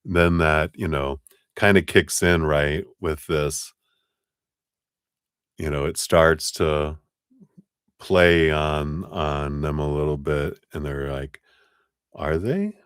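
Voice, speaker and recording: A deep-voiced man giving a live tarot reading to viewers. He chats loosely, laughs a lot and slips into quick acted-out quotes. The sound is dry and close. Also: fairly bright tone, clear, resonant tone, no room sound. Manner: chatty, laughs often, acts out quotes. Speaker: tarot reader.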